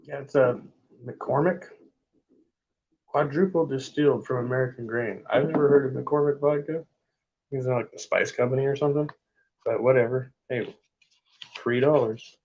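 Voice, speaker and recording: A man casually reading book passages aloud in a vlog, with offhand asides and halting attempts at French. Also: mid-range voice, a little mellow, lo-fi sound. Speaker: vlogger.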